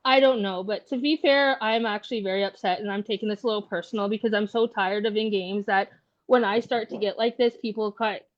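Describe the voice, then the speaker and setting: A woman's voice: mid-range voice, fairly even intonation, a little fast, highs cut off. A woman contestant giving a defiant, emotional speech after being voted out, upset and fighting back tears, swearing and defending herself. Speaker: game contestant.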